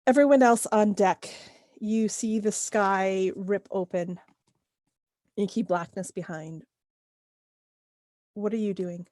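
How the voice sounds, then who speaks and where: A woman game master narrating a tabletop role-play over an online call. Her voice is mellow and dry, and her pitch sits mid-range. She pauses often on fillers. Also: no room sound.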